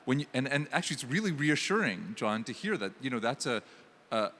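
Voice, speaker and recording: Panel moderator in a reverberant hall. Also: male voice, medium pitch, very animated, brisk, a bit bright, slight background noise. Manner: thinks aloud, restarts sentences. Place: conference hall.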